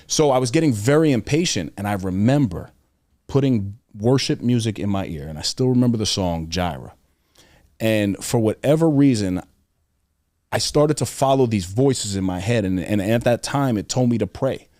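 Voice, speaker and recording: A young man talks earnestly as a podcast guest. His voice sits somewhat low, and the sound is close and dry. He tells stories in a loose, conversational way, often pausing on fillers and restarting his sentences. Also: expressive, darkish tone, no echo. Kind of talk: casual interview conversation.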